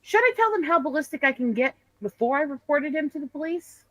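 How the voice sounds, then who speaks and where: A woman's voice: high voice, a little fast, dry recording, poor audio. Woman on a stream ranting about her week, fired up, dry close mic. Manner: indignant animated storytelling. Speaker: livestream host. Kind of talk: casual chat.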